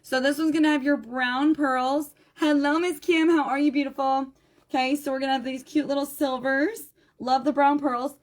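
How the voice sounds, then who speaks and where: A woman with a fairly high voice runs a live-stream jewelry sale, chatty and friendly with her viewers. She sounds tired and low on energy, greeting people by name and repeating item numbers again and again. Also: steady tone, normal speed. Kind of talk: live-stream sales chat.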